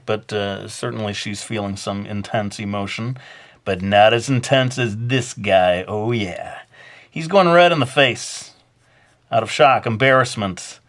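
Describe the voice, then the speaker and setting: A man's voice: fairly low pitch, a bit bright. A man teaching a drawing lesson in a casual, hesitant way, with many fillers and joking asides. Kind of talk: casual drawing tutorial narration.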